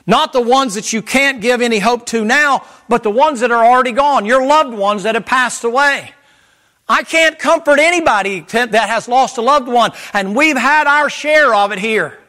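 A middle-aged man preaching a sermon as pastor, swinging between loud, high emphasis and low, quiet passages. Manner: impassioned preaching, rising and falling in pitch and volume.

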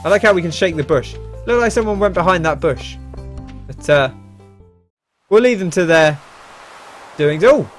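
A man's voice: sits high, expressive, moderate pace, pauses often, soft background music. A young man casually commenting on a video game as host, chatty with wry asides. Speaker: let's play host.

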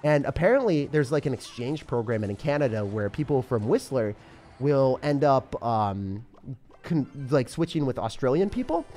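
A man's voice: medium pitch, a little mellow. A young man chatting casually and upbeat on a live game stream, rambling with lots of fillers. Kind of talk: casual live-stream chat while gaming.

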